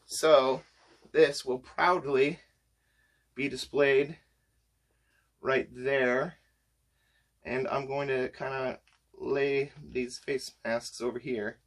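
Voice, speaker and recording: A man chatting to camera as he shows off a shopping haul, enthusiastic and gushing, his voice getting hoarse. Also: mid-range voice, fairly even intonation, very slow, pauses often. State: voice going hoarse. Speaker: vlogger showing a shopping haul. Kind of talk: casual chat to camera.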